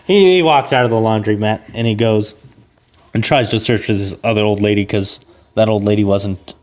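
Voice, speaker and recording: A man improvising a comic story on a podcast, rambling with fillers and restarts, and jumping to a shrill falsetto for old ladies. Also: normal speed. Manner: rambling, with fillers and self-corrections. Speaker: podcast co-host.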